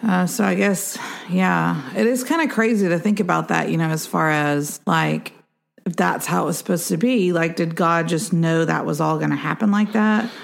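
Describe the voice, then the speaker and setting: A woman's voice: on the low side, normal speed, creaky. A woman in casual chat, listening and pushing back with skeptical questions. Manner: short agreeing replies between questions.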